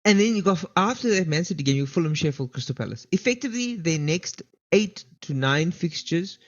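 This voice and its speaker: South African man, slightly high voice, muffled. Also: lively intonation, fairly quick. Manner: analytical, explains at length. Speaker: podcast co-host. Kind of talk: casual football chat. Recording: dull lo-fi sound.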